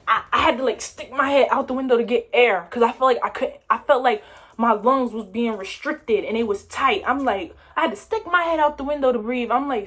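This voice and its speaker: A young woman telling a personal story to camera in a casual, slangy way. She acts out what she said, with louder, higher bursts. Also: a little fast, husky. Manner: animated retelling, quoting herself in louder, higher bursts; slangy, conversational. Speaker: vlogger.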